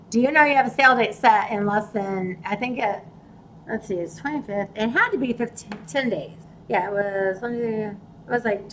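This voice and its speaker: Woman, real estate investor, casual storytelling, animated, replays conversations, fairly high voice. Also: rough recording. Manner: animated, retells conversations in dialogue.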